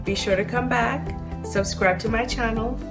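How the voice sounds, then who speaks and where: A woman's voice: on the high side, fairly even intonation, normal speed, music in the background. Earnest woman vlogger, a bit off-mic. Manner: earnest, emphatic, repeats words for stress. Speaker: channel host. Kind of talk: heartfelt personal vlog talk. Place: seated on a couch indoors. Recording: distant room sound.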